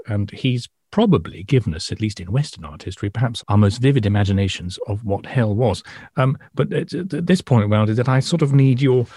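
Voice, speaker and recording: A man's voice: lowish voice, dark tone, husky, no echo, studio quality. A man co-hosting an art podcast, wry and self-deprecating in conversation. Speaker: podcast co-host. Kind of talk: casual chat.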